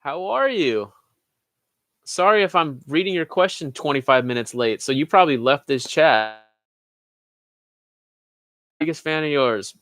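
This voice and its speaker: A man's voice: on the high side, normal speed, long pauses, a bit bright, dry recording. A young man hosting a live Q&A, reading viewers' questions aloud and answering them offhand, swearing freely. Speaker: channel host answering live chat questions. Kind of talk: casual livestream Q&A.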